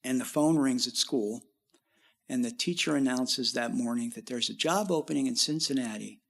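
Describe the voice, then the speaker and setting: Man, middle-aged, gravelly, rambling storyteller, casual interview. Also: mid-range voice, moderate pace. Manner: rambling, animated when quoting others. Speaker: guest musician.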